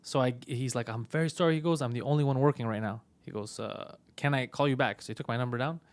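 A fast-talking man with a medium-pitched voice hosts a comedy podcast. His casual, profane storytelling is animated, and he performs both sides of a phone-call argument.

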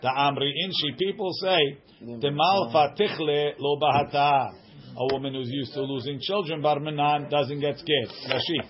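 A man's voice: fairly high pitch, moderate pace. A man teaching a study group, reading aloud and translating line by line, checking in with "right?". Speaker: Talmud teacher. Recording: dull lo-fi recording.

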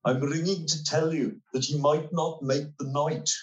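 A man doing a brisk hospital office caller, formal and matter-of-fact, pitched a little above his own voice. The sound is roomy and echoey. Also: fairly even intonation, distant mic, dull audio, close to an everyday voice.

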